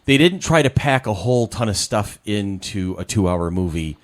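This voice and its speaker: A man in casual film chat, talking in a lively, rambling way with lots of "you know". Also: fairly low pitch, moderate pace. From Rochester, New York area. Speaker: podcast co-host. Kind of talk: casual chat about films.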